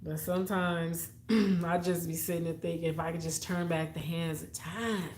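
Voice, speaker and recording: A woman's voice: lowish voice, fairly even intonation, moderate pace, darkish tone, roomy sound, slight background noise. A woman hosting a casual livestream, chatty and heartfelt, talking straight to her viewers. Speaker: livestream host. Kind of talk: casual live-stream chat with viewers.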